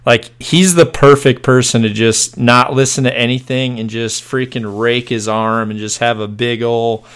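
Man, podcast guest, casual chat, smooth resonant voice, laughs a lot. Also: mid-range voice, fairly even intonation, moderate pace, fairly bright tone. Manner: laughs often, uses casual slang like 'dude' and 'freaking'.

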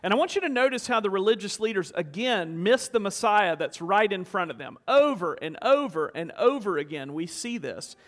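A man's voice: sits high, big pitch swings, moderate pace, hardly any pauses, a bit bright, big-room sound. A man preaching a sermon in a church, telling a story with earnest rhetorical questions. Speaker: pastor. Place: church sanctuary.

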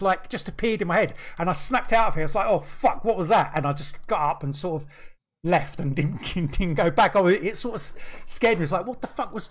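Rambling man telling a story. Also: high-pitched. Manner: rambling storyteller, many restarts and fillers. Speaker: podcast co-host. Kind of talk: casual chat.

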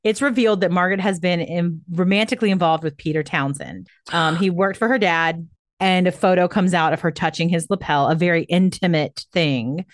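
Lowish woman podcast host, chatty storyteller, dry close sound. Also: brisk, no echo. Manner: storytelling, leads the retelling with frequent "um" and "I mean". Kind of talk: casual history chat.

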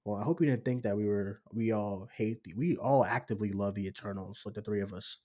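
A man hosting a casual movie discussion, rambling and animated, often acting out what others said. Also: lowish voice, fairly quick. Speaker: podcast host.

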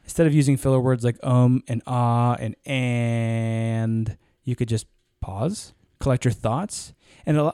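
A man co-hosting a podcast in casual chat, animated and rambling, with lots of fillers and restarts. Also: medium pitch, no room sound, studio quality. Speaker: podcast co-host.

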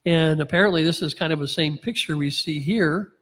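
A man preaching a sermon, his voice sitting a bit higher than most men's. He reads scripture aloud and acts out the lines with dry, sarcastic humor. A long reverb trails behind him, as in a large hall. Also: a little fast, a bit bright. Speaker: pastor.

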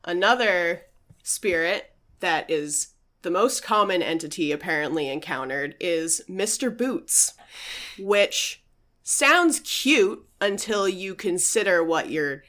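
With lively intonation, this woman co-host takes her time telling a ghost story on a podcast, her lowish voice fairly bright in tone. She is chatty, uses lots of fillers, and reads quotes aloud.

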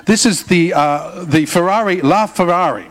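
Aussie pastor guy preaching, high-ish voice, chatty with jokes thrown in. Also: normal speed. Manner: conversational preaching with humorous asides. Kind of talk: sermon.

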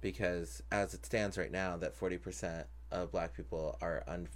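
A man with a very low, deep voice hosts a casual podcast chat. He talks freely with lots of "um"s and laughs often as he goes. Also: steady tone, normal speed. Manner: chatty, many fillers, laughs often. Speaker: podcast host and drag performer.

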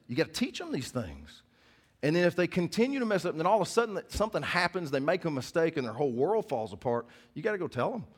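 A middle-aged man with a drawl preaches in a mid-pitched voice. He tells stories with lots of energy, jumping from loud bursts down to near-whispers. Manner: animated storyteller, swings between loud and hushed. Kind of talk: sermon with personal stories.

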